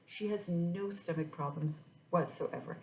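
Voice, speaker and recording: A woman's voice: lowish voice, unhurried. A woman in her thirties, a mother telling her own story in a casual, rambling way with many restarts. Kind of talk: casual personal vlog. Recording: echoey room.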